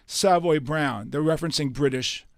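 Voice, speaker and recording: A man's voice: a little high, moderate pace, dry recording, clean studio sound. An older man, a radio interview guest who tells stories animatedly and acts out the dialogue. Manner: animated storyteller acting out quoted dialogue. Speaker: guest musician. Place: radio studio.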